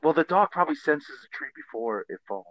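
A man's voice: on the high side, brisk, dry recording, lo-fi sound. A man co-hosting a casual podcast chat, telling anecdotes with acted-out voices and free swearing. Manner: animated storyteller who acts out voices in anecdotes, swears freely. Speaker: podcast co-host, comedian.

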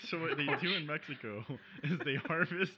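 A man co-hosting a podcast in casual chat, giving mock-serious, deadpan jokes. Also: on the high side, normal speed. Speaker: podcast co-host. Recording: dull lo-fi podcast audio, faint hiss.

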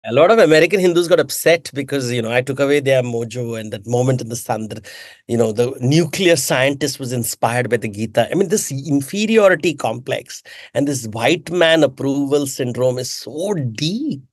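A man, an author answering interview questions in an animated, emphatic way, with rhetorical questions and frequent self-corrections. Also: medium pitch, moderate pace, no room sound, studio quality. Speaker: author and mythologist guest.

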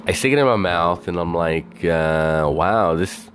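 A man telling a story in a casual, animated rant, swearing constantly and filling his talk with "like" and "you know". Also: sits low, a little slow, slight background noise. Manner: animated, heavy swearing, many fillers.

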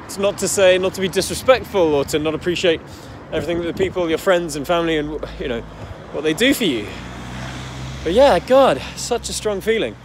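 A man's voice: high voice, animated, brisk, a little hiss or hum. A young man from the English Midlands telling his own backstory in a casual, rambling way, full of fillers and heated swearing. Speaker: entrepreneur telling his story. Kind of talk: casual personal storytelling.

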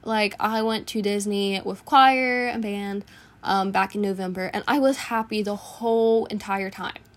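A teenage girl talks through a casual personal podcast monologue. She sounds earnest and reflective, with a voice of ordinary middle pitch, and her thoughts come out in short bursts. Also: a bit bright. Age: teens. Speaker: podcast host.

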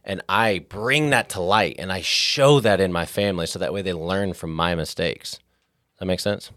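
Deep-voiced guy on a podcast, earnest, telling family stories, dry close sound. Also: moderate pace, no room sound. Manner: earnest, animated storyteller. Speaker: podcast guest. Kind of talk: casual storytelling.

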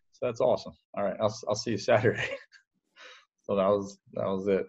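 A man, a former baseball catcher telling stories in a relaxed, rambling way with lots of fillers. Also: on the low side, quick pace, highs cut off. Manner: laid-back, rambling, full of fillers and laughs. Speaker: former minor league baseball catcher, guest. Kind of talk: casual storytelling interview.

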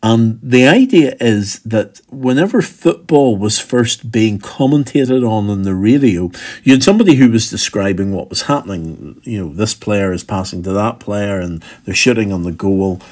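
A man's voice: fairly low pitch, moderate pace, darkish tone. A man preaching a sermon, walking through a text step by step in a conversational way and sometimes acting out what a speaker might have said. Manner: conversational, explaining step by step and acting out imagined speech.

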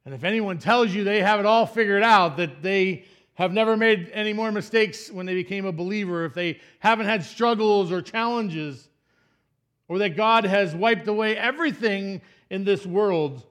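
Bright-voiced man preaching a lively sermon. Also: normal speed. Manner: swings from loud emphatic questions to soft low asides; acts out voices of people in the story. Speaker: pastor. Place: church.

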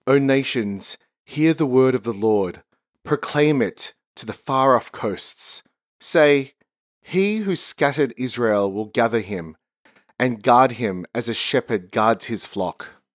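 A man reading a psalm at Mass in a measured, formal recitation. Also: mid-range voice, animated, dry recording, studio quality. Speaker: lector. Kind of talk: liturgical reading.

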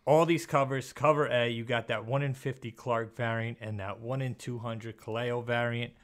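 A man's voice: mid-range voice, fairly even intonation, moderate pace, a bit bright. A man co-hosting a casual comic book podcast, talking in a joking, punchy way. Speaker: podcast co-host.

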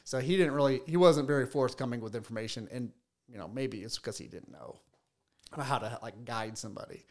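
A man's voice: medium pitch, animated, brisk, a little mellow. A man who runs a beekeeping business, chatting in a casual podcast interview and telling stories with many restarts and repeated words. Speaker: beekeeper and bee business owner.

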